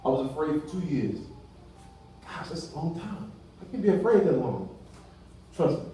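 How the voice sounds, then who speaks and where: Guy preaching loose and chatty, high voice, heard from far away, lots of echo. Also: normal speed, a little hiss or hum. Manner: animated preaching in a casual, colloquial way, acting out dialogue. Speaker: pastor. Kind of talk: sermon. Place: church hall. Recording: echoey room from far off the mic.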